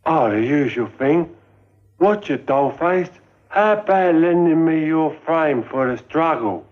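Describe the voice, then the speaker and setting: A dim earnest young private, slightly high voice, muffled old film sound. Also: male voice, lively intonation, takes it slowly, long pauses. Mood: naive. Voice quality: simple and earnest. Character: young naive army private, slow-witted. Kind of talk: 1950s British film comedy acting.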